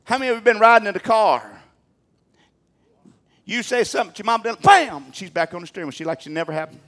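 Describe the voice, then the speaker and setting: High-voiced older pastor preaching. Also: male voice, quick pace. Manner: folksy, animated preaching with humor. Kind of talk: sermon.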